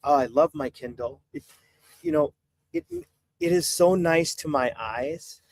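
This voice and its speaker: A man's voice: a little high, measured pace, darkish tone, no echo. A man in his forties, a priest talking on a live stream, exasperated and preachy as he urges his viewers. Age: 40s. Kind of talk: impassioned live-stream talk.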